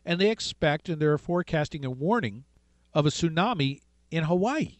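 A man hosting a call-in radio talk show, retelling a story with animated delivery and acted-out voices. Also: on the high side, normal speed, dry recording.

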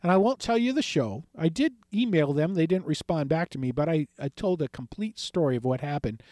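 A man's voice: a little high, animated, fairly quick, darkish tone, no room sound, clean studio sound. A male radio call-in host telling a long story in a rambling way, acting out past conversations and often correcting himself. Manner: retells conversations, frequent self-corrections.

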